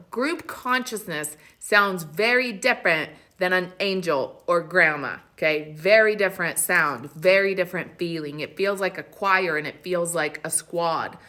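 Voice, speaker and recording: Woman livestream host, casual blunt talk, swears a lot, laughs often, bright forceful voice. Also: lowish voice.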